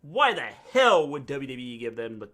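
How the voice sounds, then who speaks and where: A man's voice: mid-range voice, very animated, moderate pace, sharp tone. A middle-aged American man co-hosting a wrestling livestream, reading out the chat and teasing in a dry way.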